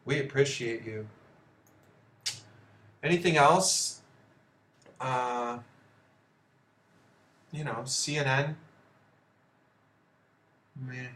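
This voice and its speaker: A man's voice: mid-range voice, very slow, long pauses, fairly bright tone. Profane ranting man in an echoey room. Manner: profane, heated, blunt asides. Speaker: video host. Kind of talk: ranting commentary on news articles.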